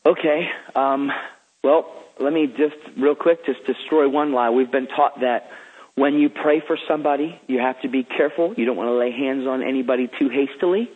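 A man's voice: medium pitch, moderate pace. A man who is a guest minister, telling stories in an eager, emphatic, preacherly way. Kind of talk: enthusiastic storytelling. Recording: phone-like radio line.

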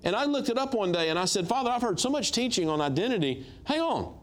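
Man, middle-aged, guest storyteller, animated, acts out dialogue. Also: high voice, quick pace. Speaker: guest minister. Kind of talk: storytelling testimony on a talk show.

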